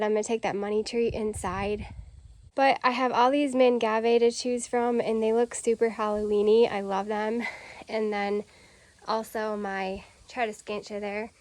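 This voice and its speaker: A woman's voice: a little high, fairly even intonation, normal speed, a little mellow, poor audio. A woman chatting enthusiastically as she vlogs about her plants and porch decorations outdoors, talking straight to her viewers. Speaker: home and garden vlogger. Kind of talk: casual vlog narration. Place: outdoors on a home deck and porch.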